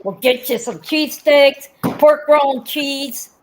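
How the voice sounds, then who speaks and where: Animated Philadelphia woman, higher voice. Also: takes it slowly, slight background noise, rough recording. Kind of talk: casual chat.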